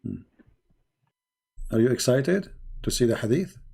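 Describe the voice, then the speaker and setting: A man's voice: medium pitch, animated, measured pace, creaky, dark tone, breathy edge. Insistent man in a heated debate. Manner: insistent, repeats phrases. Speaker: debate show host.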